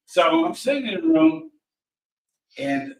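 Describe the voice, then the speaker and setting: A man's voice: high voice, big pitch swings, slow, gravelly. Man telling his story from a distance, roomy sound. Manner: retells dialogue with lots of "he goes". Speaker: guest. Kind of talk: casual storytelling.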